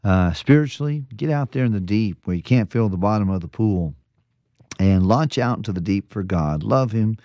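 A man's voice: on the low side, animated, moderate pace, mellow, no echo, lo-fi sound. A man pastor giving a folksy radio devotional, telling jokes and stories with chuckles and restarts.

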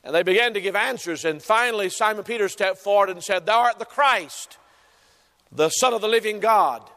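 Male pastor, higher voice, measured sermon delivery, church hall reverb. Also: sharp tone. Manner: deliberate preaching cadence, quotes scripture.

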